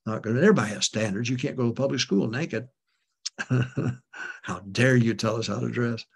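A man's voice: mid-range voice, fairly quick, creaky, slightly rough. An older man, a pastor, giving folksy, emphatic preaching talk to church leaders, chuckling often.

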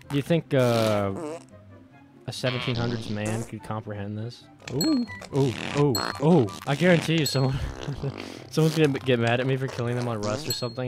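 A young man playing a video game and commenting on it, shifting from mumbled remarks to sudden loud yelps and curses. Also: fairly low pitch. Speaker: gaming YouTuber. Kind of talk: let's play commentary. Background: game music.

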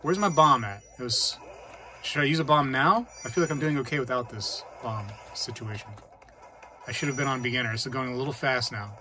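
A man hosting a casual hobby vlog, chatting and reacting out loud while he plays a game. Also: mid-range voice, brisk. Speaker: coin-collecting channel host.

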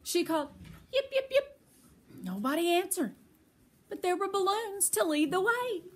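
An older woman, a grandmother, reading a children's picture book aloud in a tender, expressive way. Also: very high-pitched. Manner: tender, slow and expressive storytelling.

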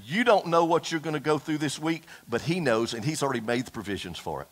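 High, lively preacher man. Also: fast talker. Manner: animated, folksy, calls for amens. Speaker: pastor. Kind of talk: impassioned Pentecostal-style sermon. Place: church service before a congregation.

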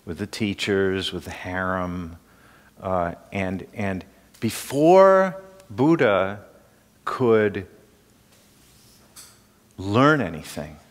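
An older man with a fairly low voice teaches a class in a relaxed, conversational way, asking his students questions as he goes. His voice carries a long reverb, as if he were in a large lecture hall. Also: very slow, long pauses. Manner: conversational, asks the room questions, chuckles.

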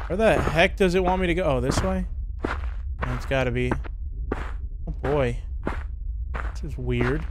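A man giving chatty, excitable commentary while playing a horror game, reacting out loud as he goes. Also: fairly high pitch, unhurried, long pauses, very noisy. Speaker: gaming YouTuber.

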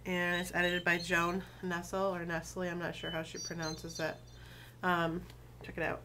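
A woman who has been sick, her voice lower than usual, chatting casually with many fillers and reading poems aloud in a slow, deliberate way. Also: completely flat delivery, noisy background. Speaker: video blogger reading poetry.

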